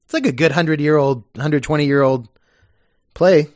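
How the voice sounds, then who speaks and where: A man's voice: fairly high pitch, normal speed, darkish tone, no echo, clean studio sound. A man hosting a casual podcast, chatty and explaining with plenty of fillers. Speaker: podcast host.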